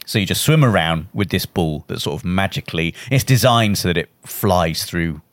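A man co-hosting a casual gaming podcast, jokey and quick to laugh. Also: low voice, dry recording. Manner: animated, laughs often, jokey. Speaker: podcast co-host. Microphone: close podcast mic.

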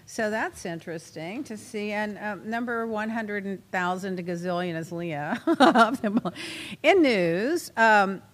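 A woman's voice: mid-range voice, slow pace. A woman hosting a casual chat show, chatty and opinionated, laughing as she reads out jokes. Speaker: host.

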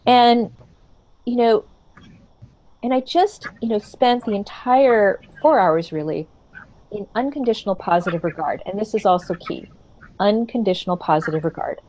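A woman, a therapeutic practitioner, telling a client's story in an earnest, reflective way with many pauses. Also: mid-range voice, lively intonation, warm tone, rough recording. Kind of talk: storytelling in casual talk.

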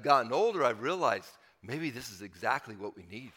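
A man's voice: mid-range voice, very animated, fairly quick, hardly any pauses, bright, forceful tone, slightly rough, long reverb tail. A man preaching a sermon in an earnest, conversational way, repeating phrases and building to emphatic swells. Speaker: pastor.

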